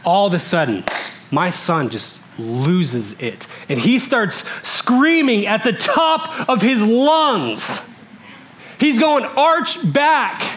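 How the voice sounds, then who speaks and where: Laughing and animated, this Alaskan man in his thirties spins a funny tale for a live crowd, alternating loud outbursts with quiet asides. His voice sits high, with a little background noise.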